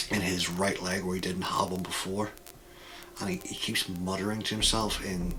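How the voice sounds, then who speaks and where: A man running a tabletop role-playing game as game master, narrating scenes in a measured, descriptive way. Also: low voice, pushed and bright, low-quality recording.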